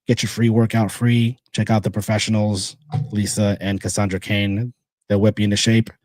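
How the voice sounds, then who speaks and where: A man's voice: lowish voice, little pitch movement, moderate pace, no room sound, clean studio sound. Blunt rambling man hosting a podcast. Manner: blunt and rambling, with repeated phrases and sponsor shout-outs. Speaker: podcast host. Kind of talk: casual solo podcast monologue.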